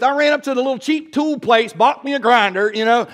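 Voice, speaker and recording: A man's voice: very high-pitched, animated, brisk, few pauses, a bit bright. A male pastor, preaching a sermon in a church in a folksy, storytelling way and asking the crowd "y'all".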